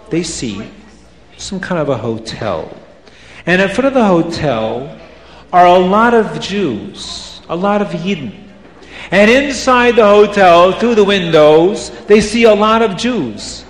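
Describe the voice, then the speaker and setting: A man narrating a folk tale for children in an animated, dramatic way. His voice is high, and he tells the story slowly. It echoes through a large hall with a long reverb tail.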